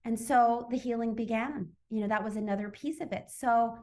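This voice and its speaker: A woman's voice: a little high, moderate pace, darkish tone. A woman guest in an interview, telling a personal story and acting out her own inner voice, heard over a video call. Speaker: summit guest, author.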